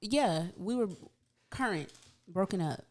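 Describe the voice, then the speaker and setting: A young woman, a podcast guest, telling a story in casual chat with lively emphasis. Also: mid-range voice, unhurried.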